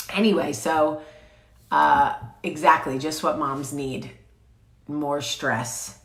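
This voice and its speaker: Woman, sick with a cold, low pitch, slow, chatty, blunt, swears casually, echoey room. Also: steady tone. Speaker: vlog host. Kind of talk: casual chat to camera. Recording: roomy echo.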